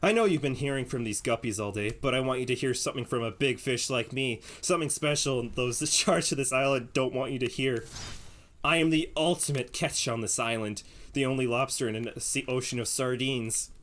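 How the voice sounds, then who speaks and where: A man's voice: medium pitch, brisk, a bit bright, close to an everyday voice. A man voicing a cocky, flirtatious male pop-idol killer in a showy, smug, sing-song way while reading game dialogue aloud. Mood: flirty, boastful.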